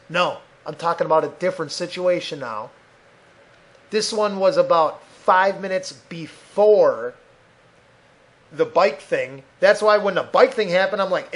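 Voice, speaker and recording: A man rants angrily on a desk mic, his voice pitched high. He swears constantly and slips into mocking impressions of other people. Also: measured pace. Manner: angry, profane, loud ranting with mocking voices. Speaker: podcast host. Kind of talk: solo rant podcast. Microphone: desk mic at a computer.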